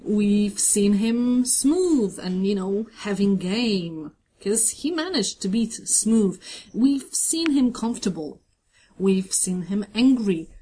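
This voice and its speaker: A woman's voice: mid-range voice, lively intonation, slow pace, mellow, husky. A woman co-hosting a podcast, chatting casually and enthusiastically about a TV episode, rambling with many fillers. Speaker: podcast co-host. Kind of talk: casual TV recap chat.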